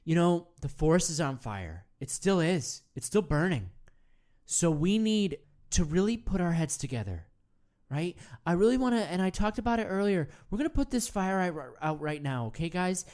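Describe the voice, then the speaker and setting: A woman's voice: on the low side, big pitch swings, moderate pace, warm tone. A woman playing a rambling, earnest male self-help guru hosting a comedy meditation show, full of stammered restarts. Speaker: host. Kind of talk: improvised comedy monologue.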